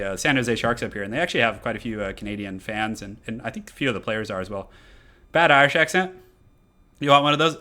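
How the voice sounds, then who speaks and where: A man's voice: mid-range voice, pushed and bright. A young man chatting casually on a live game stream, upbeat and chatty as he answers comments from his viewers at his home computer.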